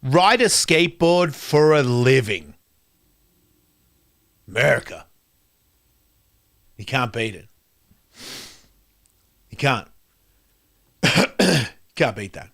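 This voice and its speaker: A man doing a profane stand-up rant, swinging between loud outbursts and quiet asides. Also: medium pitch, lively intonation, extremely slow, vocal fry, pauses often. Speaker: comedian.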